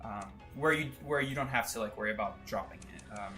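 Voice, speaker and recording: Man, game streamer, casual joking chatter, bright tone, faint background music. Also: on the low side, a little fast. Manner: chatty, joking, laughs often. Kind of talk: casual live-stream gameplay commentary.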